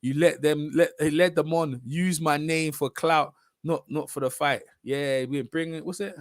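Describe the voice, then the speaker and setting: A man rants through casual boxing commentary in a voice pitched somewhat high for a man. He mocks and loops back over his points in quick asides. The sound is dry and close to the mic. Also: dry recording. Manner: animated, mocking, repeats himself, drifts into quick asides.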